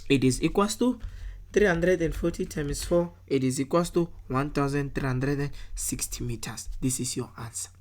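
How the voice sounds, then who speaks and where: Low-voiced woman tutoring. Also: normal speed, a little mellow. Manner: checks in often with "right?"; talks through worked answers step by step. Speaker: physical science tutor. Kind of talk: explaining test answers.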